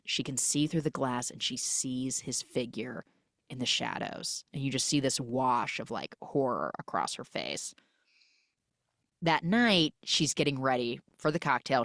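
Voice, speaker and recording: A woman hosting a podcast, retelling a film's plot in a lively, animated way. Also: a bass voice, normal speed, no room sound, clean studio sound. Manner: animated storytelling, acts out quoted lines. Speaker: podcast host. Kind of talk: casual movie recap.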